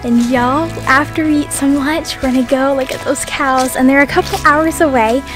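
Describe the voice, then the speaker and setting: Texan woman, homestead vlogger, slightly high voice, chatty and gushing, soft music under. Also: steady tone, moderate pace. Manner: bubbly, says y'all constantly. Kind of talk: casual chat to camera. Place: outdoors on a farm.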